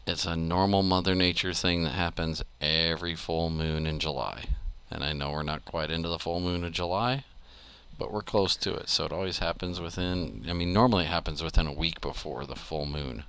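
A man who manages a tackle shop, answering with dry, deadpan humor and explaining bait shrimp in casual chat. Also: low voice, brisk, clear, resonant tone. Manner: dry, deadpan self-mockery, plain explaining.

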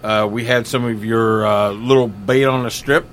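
A man's voice: medium pitch, steady tone, normal speed, slight background noise. A man, a pastor and regular on a fishing talk show, chatting casually and rambling with many fillers. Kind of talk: casual chat.

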